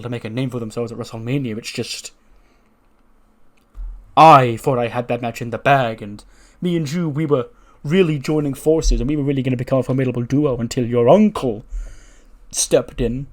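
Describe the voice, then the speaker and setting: A man's voice: medium pitch, fairly even intonation, brisk, close to an everyday voice. A man voicing a proud, formal former champion wrestler in a wrestling game playthrough. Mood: haughty. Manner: haughty and formal.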